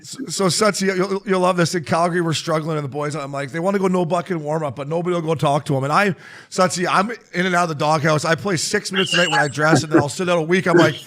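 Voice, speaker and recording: High-voiced, animated male podcast host. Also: fast talker. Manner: animated, profane storytelling with frequent laughter. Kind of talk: casual podcast chat.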